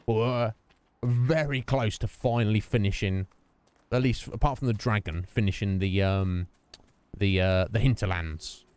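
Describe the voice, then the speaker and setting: A man's voice: on the low side, unhurried, darkish tone, clear, resonant tone. A man streaming a video game, chatting casually and thinking aloud as he plays and greets viewers. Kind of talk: casual gameplay commentary.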